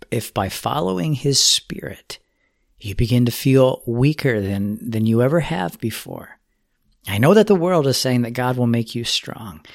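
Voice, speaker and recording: A man giving a sermon, speaking in an earnest, measured way as he exhorts his listeners. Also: mid-range voice, creaky, no room sound, studio quality. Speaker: preacher.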